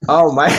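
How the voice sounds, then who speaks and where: A man with a fairly high voice chats over a video call as a comedian guest. He tells animated, profane stories and slips into put-on voices for the people in them. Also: poor audio. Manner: profane, joking. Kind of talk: casual comedic chat.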